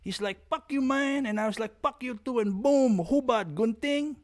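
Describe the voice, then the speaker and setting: A man's voice: extremely high pitch, normal speed, pitched above the performer's own voice. A man voicing a boastful older male martial arts elder who brags about street fights in a swaggering, dismissive way.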